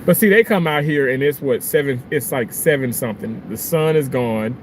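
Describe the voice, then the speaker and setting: A man's voice: mid-range voice, moderate pace, noisy background. A man chatting casually on a live stream from his car, loose and profane, reading viewer comments aloud. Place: outdoors in a car, evening.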